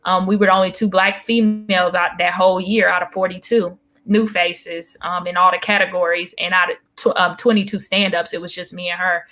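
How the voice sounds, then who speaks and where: A woman's voice: lowish voice, brisk, hardly any pauses. A young woman stand-up comedian telling a story in casual chat, acting out the people in it. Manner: animated, acts out voices when retelling a story.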